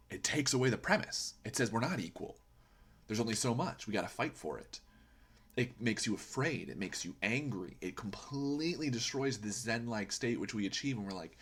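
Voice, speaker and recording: A man's voice: mid-range voice, expressive, moderate pace, fairly bright tone, slight background noise. A man hosting a poetry podcast, giving earnest, emphatic commentary and often asking a rhetorical "right?". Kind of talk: reflective commentary on a poem.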